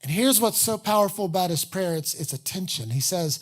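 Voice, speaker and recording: A pastor preaching a sermon in a candid, conversational way, with self-deprecating asides and slowed, earnest emphasis on key phrases. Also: mid-range voice, expressive.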